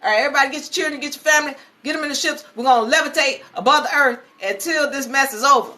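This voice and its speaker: A woman's voice: high-pitched, lively intonation, moderate pace, pushed and bright, voice pushed up. A woman voicing a bossy male god who curtly orders everyone onto the ships. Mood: commanding. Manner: curt, commanding, fed up.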